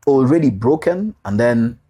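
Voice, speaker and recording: Husky-voiced man telling a heartfelt story. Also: medium pitch, animated, normal speed, mellow. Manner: heartfelt, repeats key phrases for emphasis; casual slang mixed with earnest reflection. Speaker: podcast guest, single father. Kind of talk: personal storytelling in a podcast interview.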